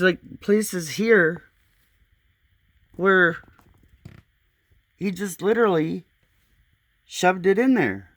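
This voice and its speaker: A woman filming a walkthrough of a home closet on her phone, pointing things out in an exasperated voice and swearing now and then. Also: fairly low pitch. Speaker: homeowner filming a complaint video. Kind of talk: casual walkthrough narration. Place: indoors, small closet in a home.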